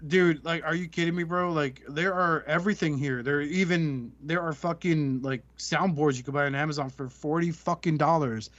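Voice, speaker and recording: A man's voice: a little high, steady tone, normal speed, hardly any pauses, fairly bright tone, dry recording. A man co-hosting a podcast in casual chat, ranting heatedly and swearing a lot. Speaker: podcast co-host. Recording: dull, slightly lo-fi podcast mic.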